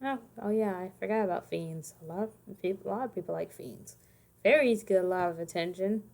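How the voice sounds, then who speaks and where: A woman's voice: fairly low pitch, brisk, gravelly, darkish tone. A woman in her thirties chatting casually on a livestream, rambling and correcting herself, sounding tired. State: tired, yawning. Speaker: streamer making custom cards.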